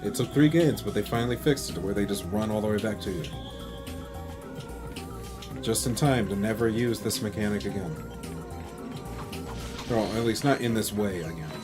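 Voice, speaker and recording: Gravelly-voiced wry male streamer. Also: on the low side, normal speed, pauses often. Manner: wry, grumbling, laughs often. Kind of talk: casual let's-play commentary. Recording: game music behind voice. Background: game music.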